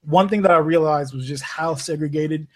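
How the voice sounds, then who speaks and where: Talking at normal speed in a slightly high voice, a rideshare driver raised in Bermuda chats casually as a podcast guest. He's a lively storyteller who doesn't hold back on swearing and who voices the people he quotes.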